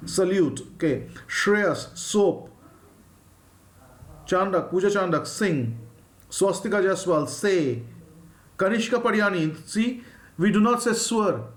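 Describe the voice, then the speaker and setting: A man with an Indian English accent, teaching a live phonics lesson and drawing out each sound slowly. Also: high voice. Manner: slow, drawn-out demonstration of sounds, reading out viewers' names.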